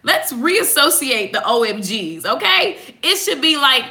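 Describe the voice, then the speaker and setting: A woman with a bright, forceful, fairly high voice gives a casual morning devotional to her viewers. She reads short passages, then breaks them down in an animated, preachy way, coaxing and encouraging as she goes. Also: measured pace, gravelly. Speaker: host giving a morning devotional.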